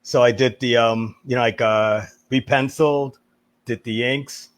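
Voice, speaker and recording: A man's voice: mid-range voice, steady tone. Easygoing man chatting on a call. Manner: easygoing, quick to laugh. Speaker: comic artist. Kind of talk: casual video call chat. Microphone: video call.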